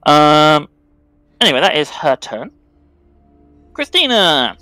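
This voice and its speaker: A man narrating as game master of a tabletop game, describing scenes in a relaxed way with many fillers. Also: on the high side, slow, no room sound, faint music behind, rough recording.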